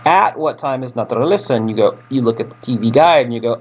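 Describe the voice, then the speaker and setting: A man's voice: mid-range voice, fast talker, hardly any pauses, breathy edge, lo-fi sound. A man teaching a recorded Spanish lesson, talking casually through his slides with fillers and restarts. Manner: casual, chatty, with fillers and self-corrections.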